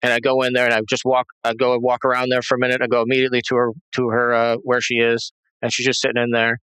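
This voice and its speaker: A man's voice: mid-range voice, completely flat delivery, quick pace, a bit bright, clear, resonant tone, no room sound, low-quality recording. A man being interviewed, telling a tense personal story in a rambling way, with many restarts and fillers. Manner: tense, agitated retelling. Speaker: interview guest.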